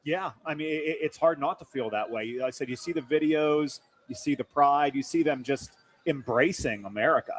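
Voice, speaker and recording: A man's voice: on the high side, normal speed, few pauses. A male co-host on a live talk show. He speaks in a plain voice and stumbles over his words as he talks, repeating them often. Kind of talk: casual talk show chat.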